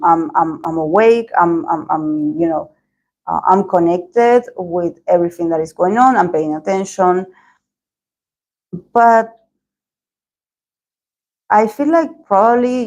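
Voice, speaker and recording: Slow, meandering woman tarot reader. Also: on the low side, creaky, darkish tone, poor audio. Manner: meandering, hedging talk with many pauses. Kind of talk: tarot reading video.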